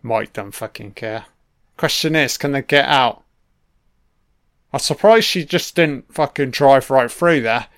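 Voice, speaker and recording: A man's voice: medium pitch, animated, a little slow, a bit bright, smooth, dry recording, clean studio sound. A man giving a casual, blunt film commentary, swearing constantly and full of opinions.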